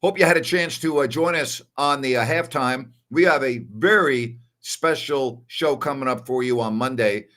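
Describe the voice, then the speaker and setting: A man's voice: mid-range voice, moderate pace, hardly any pauses, sharp tone. A man with a New York accent hosting a casual postgame show, who reads viewer comments and makes his point emphatically with repeated tag questions. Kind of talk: casual livestream chat, reading viewer comments.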